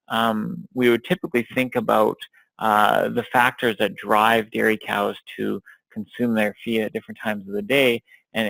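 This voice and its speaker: A male researcher lectures over slides in a low, gravelly voice. He speaks in a measured way, often stopping on fillers and restarting his sentences. The close mic gives a dry sound with no room echo. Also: fairly bright tone. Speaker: dairy science researcher and lecturer.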